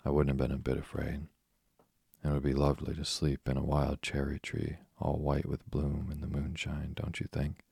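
A man's voice: extremely low pitch, completely flat delivery, normal speed, gravelly, mellow, slightly rough, no room sound, clean studio sound, heavily acted. A man doing a chatty orphan girl. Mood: eager. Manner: breathless eager chatter. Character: chatty imaginative orphan girl, about eleven.

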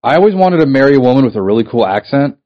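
A man's voice: medium pitch, animated, very fast. A man hosting a casual podcast chat, laid-back and asking easygoing questions. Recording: dull lo-fi recording.

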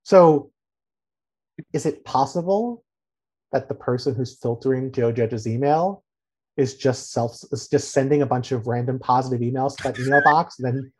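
A man's voice: mid-range voice, normal speed, breathy edge. A man hosting a sports podcast in casual chat, sounding incredulous and sardonic as he reads out quotes. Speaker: podcast host.

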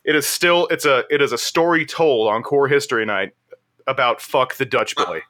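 A man's voice: medium pitch, moderate pace. A man co-hosting a podcast, telling a rowdy, profane anecdote in casual banter. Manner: profane, animated storyteller. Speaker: podcast co-host.

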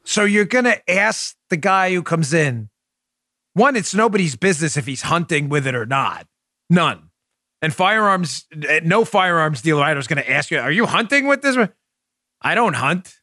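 A man hosts a political talk show, delivering sarcastic, mocking commentary. His voice sits high and sounds bright and forceful, recorded dry and close. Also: lively intonation, moderate pace, dry recording. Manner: mocking, acts out scenes in mimicked voices.

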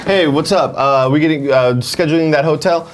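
A man's voice: fairly high pitch, brisk, natural voice. A man putting on a mocking impression of a busy coworker taking business calls. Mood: hurried.

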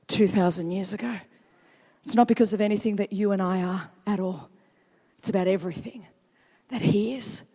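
An Australian woman in her thirties preaching a lively sermon, telling stories and building to loud, fervent peaks. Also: mid-range voice, breathy edge, big-room sound. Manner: animated storytelling, swinging from quiet to loud and fast.

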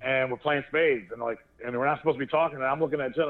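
A man co-hosting a talk show, telling a family story in an animated way and laughing as he goes. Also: medium pitch, fast. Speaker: co-host of a sports talk show. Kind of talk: casual storytelling chat. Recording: tinny phone line.

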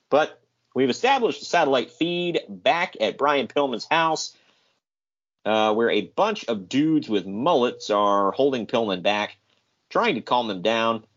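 A man's voice: mid-range voice, big pitch swings, takes it slowly, a bit bright. A man co-hosting a podcast, recapping in a casual, sarcastic way and laughing often. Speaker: podcast co-host. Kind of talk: casual wrestling recap commentary. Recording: dull lo-fi podcast audio.

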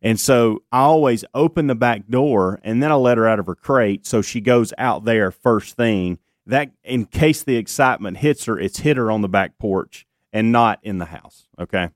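A man's voice: fairly low pitch, moderate pace, hardly any pauses, dry recording, clean studio sound. A man hosting a morning radio show, telling a long story in casual chat with lots of restarts and fillers. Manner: rambling storyteller with many restarts and ums.

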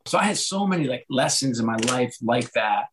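A middle-aged man with a slightly hoarse voice talks in a loose, conversational way. He slips into the voices of the people in his stories and gives each one an animated delivery. His pitch sits right in the middle. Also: normal speed, a little hiss or hum, low-quality recording. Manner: animated, acts out quoted dialogue. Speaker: guest, author and former sports executive. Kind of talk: casual conversational storytelling.

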